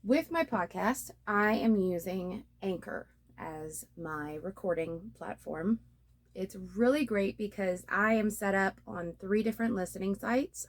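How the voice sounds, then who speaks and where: A young woman talking casually to her phone camera about starting a podcast, poking fun at her own mistakes. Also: medium pitch. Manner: self-deprecating, laughs at her own slips. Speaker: beginner podcaster and blogger. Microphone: phone on a ring light tripod.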